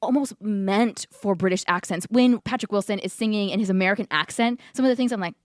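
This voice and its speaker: A woman's voice: medium pitch, fast talker, hardly any pauses, a bit bright, no echo, studio quality. A woman guest co-host on a film podcast, talking emphatically and gushing, repeating her points for effect. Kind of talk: casual podcast chat.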